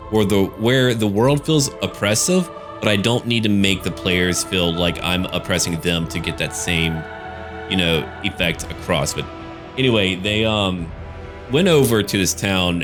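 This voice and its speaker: Deep voiced gamer guy chatting about his channel, rambly, swears a bit. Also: a bit bright. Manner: rambling, loose, with casual swearing. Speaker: gaming YouTuber and game master. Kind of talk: casual channel update.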